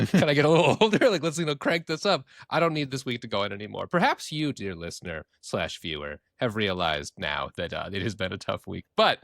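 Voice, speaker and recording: A man's voice: fairly low pitch, animated, a little fast, gravelly, few pauses, a bit bright, dry recording, studio quality. A man co-hosting a podcast in casual chat, talking in a playful, jokey way. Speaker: podcast co-host.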